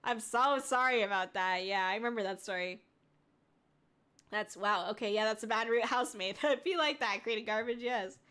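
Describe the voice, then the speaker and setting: Giggly young woman streamer, fairly high voice. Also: moderate pace, bright, forceful tone, smooth. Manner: giggly, laughs often, rambling with fillers. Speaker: VTuber streamer. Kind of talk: casual livestream chat, reading chat aloud.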